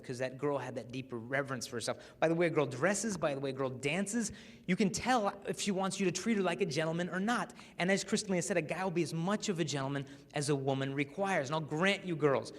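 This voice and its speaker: A man giving a public talk to a live audience, telling stories in a lively way and acting out the people he quotes. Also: fairly high pitch, fast. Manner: lively storyteller who acts out the people he quotes. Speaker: speaker. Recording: long reverb of a large hall.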